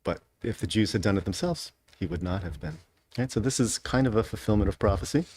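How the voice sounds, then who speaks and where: A man's voice: fairly low pitch, animated, quick pace, a little mellow, husky. A man teaching an adult Sunday school class in a conversational way, often checking in with his listeners with a rhetorical question. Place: church classroom.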